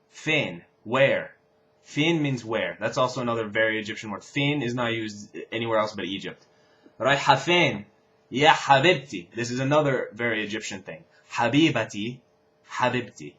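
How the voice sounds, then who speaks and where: A young man talks through phrases in a casual teaching voice of middling pitch. He says each example phrase again with lively stress before explaining it. The recording sounds a little dull and lo-fi. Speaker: language teacher.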